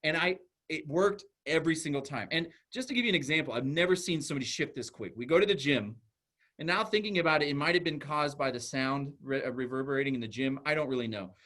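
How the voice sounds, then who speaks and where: Guy giving a talk, kinda higher voice, earnest storytelling, keeps restarting sentences. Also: animated, fast, fairly bright tone. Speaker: school psychologist giving a talk. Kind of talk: storytelling presentation.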